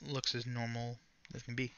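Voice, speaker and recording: A man narrating as game master of a tabletop game, casual and halting with fillers. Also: medium pitch, completely flat delivery, pushed and bright, clean tone, lo-fi sound.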